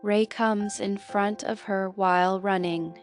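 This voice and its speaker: A woman narrates a film recap in a scripted, measured delivery, taking her time over each line. Her pitch sits at an ordinary middle height. Soft music runs quietly underneath her voice. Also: steady tone. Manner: slow, measured reading of plot events and quotes.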